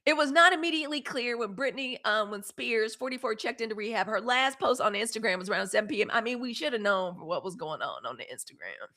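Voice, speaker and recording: A fifty-something woman with a Mississippi Southern accent hosts a casual live news stream. Her voice sits a little high, and she chats in an animated way straight to her viewers. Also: quick pace, few pauses. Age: 50s. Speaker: live news show host.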